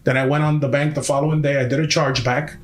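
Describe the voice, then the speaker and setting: A man's voice: on the high side, little pitch movement, fast talker, roomy sound. A man telling a story on a podcast in a heated, emphatic way, swearing often. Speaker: podcast guest. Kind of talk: casual storytelling.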